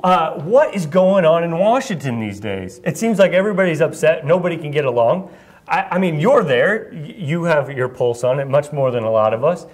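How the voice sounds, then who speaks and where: A man's voice: a little high, lively intonation, normal speed. A young man from Iowa, chatting casually on stage as the host, rambling and joking at his own expense. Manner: rambling, self-deprecating, laughs often. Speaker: event host asking questions. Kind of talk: casual onstage chat.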